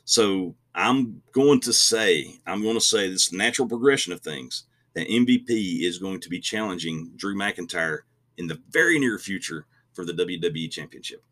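Man, casual wrestling chat, very low voice, bright forceful tone, rambling restarts, opinionated. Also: expressive, moderate pace. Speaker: podcast co-host.

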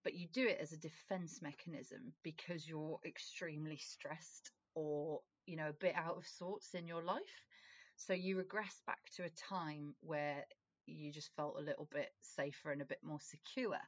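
Podcast co-host: twenties woman from Wales, chatty, laughs a lot, lowish voice, dry close recording. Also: fairly even intonation, normal speed, dry recording. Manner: chatty, laughs often, swears casually. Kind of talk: casual podcast chat.

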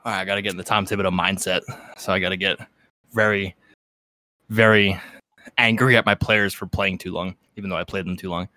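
A man in casual comedic banter who laughs often, swears casually and breaks into shouted impressions. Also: low voice, steady tone, brisk, no echo.

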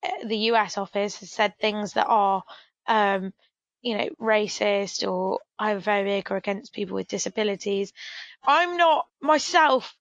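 A woman's voice: medium pitch, a little slow, no echo. British girl podcast host, chatty, says like a lot, dry kinda muffled mic. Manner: chatty, hedging with lots of likes. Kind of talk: casual chat.

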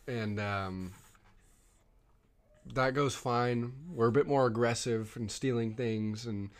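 A man's voice: mid-range voice, slow pace. Chatty man telling a rambling story. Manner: rambling storytelling with many fillers. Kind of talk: casual chat storytelling.

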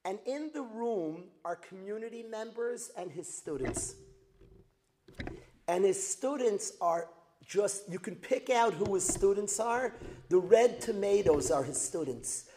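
A man teaching a religious lesson as a dramatic story, repeating phrases for emphasis and building to loud outbursts. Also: high voice, animated, unhurried, noisy background. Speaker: Torah teacher. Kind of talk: storytelling lecture.

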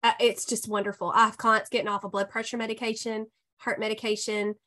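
A woman hosting a casual podcast chat, effusive and quick to laugh. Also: a little high, level tone. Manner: warm, effusive, laughs often. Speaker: podcast host and health coach.

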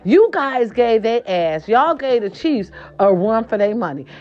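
A woman hosting a casual gossip show, sassy and animated, swearing freely, with a hoarse voice from a sore throat. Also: a little high, a little slow, highs cut off. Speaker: host.

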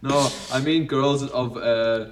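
A man's voice: medium pitch, steady tone, slow pace, distant mic, slight background noise, rough recording. A man co-hosting a podcast in casual chat, blunt and sweary as he rambles through stories. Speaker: podcast co-host.

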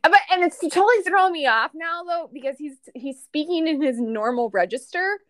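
A young woman with a high voice that jumps all over the place, trading casual talk as a podcast co-host. She laughs a lot and packs her sentences with filler words. The sound is close and dry, with no room around it. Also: a little fast, no echo. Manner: animated, laughing, frequent "like" fillers. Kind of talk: casual chat.

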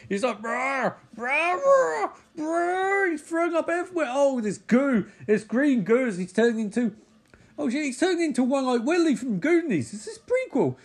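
A man giving sarcastic, casual running commentary on a film, swearing and getting excitable as he watches. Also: very high-pitched, slightly rough. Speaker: movie reaction commentator. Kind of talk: casual live movie commentary.

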